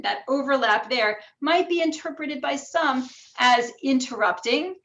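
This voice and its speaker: An American woman with some New York vowels giving an academic lecture with slides, explaining clearly and demonstrating pronunciations aloud. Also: sits high, a bit bright. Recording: dull lo-fi recording.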